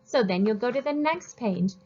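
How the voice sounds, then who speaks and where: A woman teacher giving a recorded writing lesson to young children, speaking slowly and sounding out syllables and letters. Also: on the high side, animated, a little mellow, dull audio. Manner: slow, sing-song, sounds out syllables and letters.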